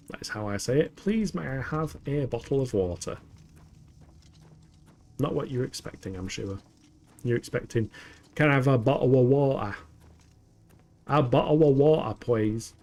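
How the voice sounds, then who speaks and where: A young streamer livestreams a game from his home setup, chatting casually with playful, giggly, rambling banter. His voice is medium-pitched and a little mellow, with a bit of hiss or hum on the recording.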